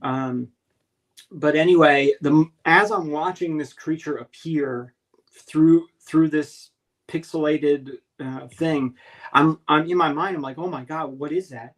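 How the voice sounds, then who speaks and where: A man with a somewhat high voice tells a strange personal story in loose, casual talk. He halts and restarts often, searching for words. His telling is earnest. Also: steady tone, takes it slowly, low-quality recording. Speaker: guest recounting an encounter.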